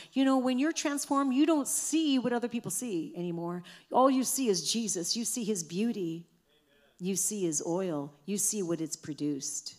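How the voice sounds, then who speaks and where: Woman preacher, impassioned sermon delivery, rises to loud, repeated-phrase exhortation. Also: on the low side.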